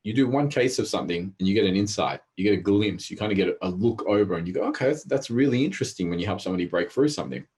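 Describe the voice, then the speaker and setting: A man talking as an interview guest, telling stories in a fast, animated way. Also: on the low side, husky. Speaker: interview guest, behavioural specialist. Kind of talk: casual interview talk.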